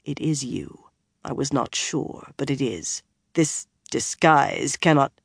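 A narrator voicing a tired, tense young swordsman who speaks softly and without emotion. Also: a little high, unhurried, gravelly, dry recording, studio quality. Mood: quiet, flat. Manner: quiet, flat and emotionless.

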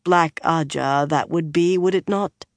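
Brief: reader playing a worn-out young swordsman, low and hushed, flat delivery, dry close read. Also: measured pace, no echo. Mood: quiet, flat. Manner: quiet, flat and emotionless. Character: tired, tense young swordsman, soft-spoken.

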